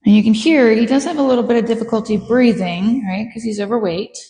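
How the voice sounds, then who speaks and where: A woman dog trainer calmly and patiently explaining her training steps as she works a dog. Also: fast, roomy sound, in a large hall. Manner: calm, patient explaining, bursts of high praise.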